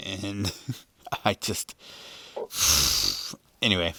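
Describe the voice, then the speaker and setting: A man's voice: low voice, very animated, drawn-out words, vocal fry, bright, forceful tone, husky, no room sound. A man casually narrating a voice-over for his vlog, rambling with many fillers and laughing as he goes. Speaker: vlogger.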